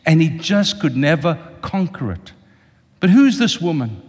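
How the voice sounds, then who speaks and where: An older male preacher delivers a passionate sermon, pleading directly with his congregation. His fairly high voice rings out with a long reverb through a large church hall. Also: sing-song, measured pace, darkish tone. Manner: impassioned, speaks directly to the congregation.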